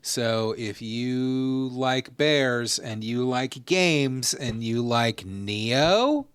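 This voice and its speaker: A man's voice: medium pitch, very slow, a bit bright, smooth, dry recording. A man co-hosting a gaming podcast, chatting casually and ranting with lots of profanity. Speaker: podcast co-host. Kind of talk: casual chat.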